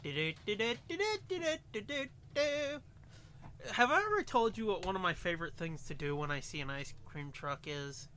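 A man's voice: on the high side, big pitch swings, brisk, hardly any pauses, pushed and bright, slight background noise. A man co-hosting a casual movie commentary, joking around with crude, playful banter. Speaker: podcast co-host.

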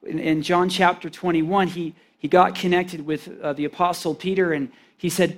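High-voiced earnest man preaching. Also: fairly even intonation, moderate pace, hardly any pauses. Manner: earnest, conversational, with restarts and paraphrased quotes. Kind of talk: informal sermon.

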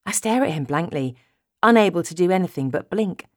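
Audiobook narrator, woman, low voice with lively swings, dry studio read. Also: fairly quick, no room sound. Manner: expressive, storytelling. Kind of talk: first-person audiobook narration.

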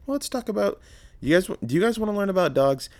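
A man's voice: high voice, animated, fast talker, darkish tone, dry recording. A young man hosting a casual solo podcast, rambling and sarcastic, with frequent swearing and self-corrections. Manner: profane, rambling, sarcastic asides. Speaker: podcast host.

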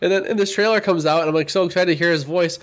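A man's voice: a little high, very fast. A man co-hosting a gaming podcast, talking laid-back and loose, full of "dude" and "like". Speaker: podcast co-host. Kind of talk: casual gaming podcast chat.

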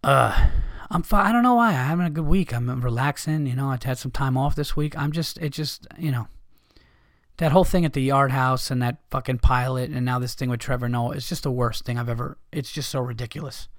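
A man's voice: mid-range voice, fairly even intonation, fairly quick. A man rants on his comedy podcast in a mid-range voice, swearing freely and pushing his points hard. The recording is dry, with no room echo. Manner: profane, heated ranting. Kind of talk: casual podcast monologue.

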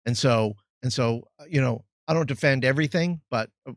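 Calm thoughtful guy pausing to find words, mid voice, dry sound. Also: mid-range voice, no echo. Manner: measured, thoughtful, searches for words. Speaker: former youth pastor. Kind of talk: reflective podcast chat.

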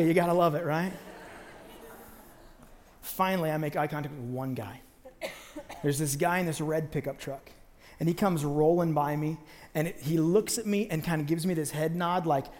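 A man telling a long personal story in a sermon, animated, acting out the people he quotes. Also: a little high, moderate pace, long pauses, in a large hall.

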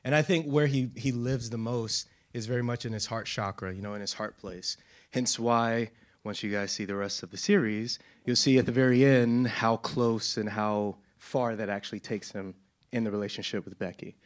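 A man's voice: on the low side, moderate pace. Upbeat American man on a panel. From United States. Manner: laughing, enthusiastic, trailing off into fillers. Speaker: actor guest. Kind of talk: panel Q&A answer.

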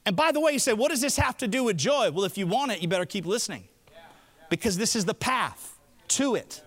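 A high-pitched man preaching a sermon with a very lively, swooping delivery. He acts out the prayers he quotes. The long reverb of a hall hangs around his voice. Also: brisk. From Alabama. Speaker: pastor.

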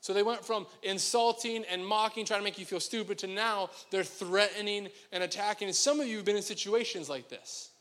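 A man with a high voice preaches in a church hall, and his words ring out with a long reverb. He keeps it conversational and joking and speaks straight to the congregation. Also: fairly quick, hardly any pauses, a bit bright. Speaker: pastor. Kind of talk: sermon. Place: church sanctuary.

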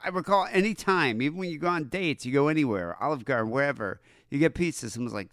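A man's voice: a little high, fast talker, no echo, clean studio sound. A man from Michigan co-hosting a podcast, telling stories in casual chat with lots of fillers. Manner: rambling, animated storytelling with many fillers. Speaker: podcast co-host.

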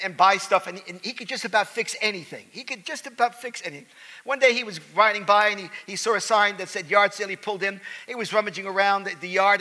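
A man preaching a sermon, telling a story and building to loud, fervent preaching. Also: sits high.

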